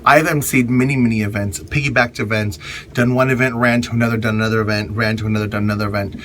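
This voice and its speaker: A man's voice: on the low side, fairly even intonation, fast, fairly bright tone, slight background noise. A man who hosts drag shows, giving candid, chatty public speaking tips in a casual vlog, leaning on emphatic repetition. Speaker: drag performer and event host.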